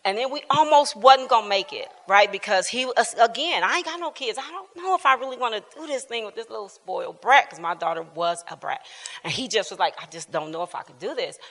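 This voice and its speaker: A woman in her fifties sharing a personal testimony at a Bible class, telling it in an animated way, laughing often and dropping to quiet tones. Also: on the high side, fairly quick, big-room sound. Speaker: church speaker sharing testimony. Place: church hall.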